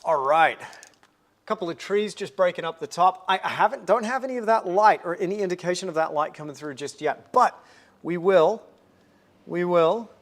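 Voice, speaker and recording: Man, somewhat high voice, chatty live painting host, upbeat, talks while working. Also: normal speed. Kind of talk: live painting demonstration chat.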